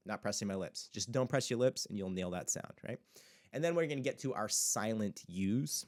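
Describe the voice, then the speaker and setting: This is a man's fairly low voice in a casual spoken language lesson. He explains in a loose, relaxed way with plenty of fillers. He slows down to say each example word several times. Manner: repeats example words slowly, relaxed filler-heavy explaining. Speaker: language teacher.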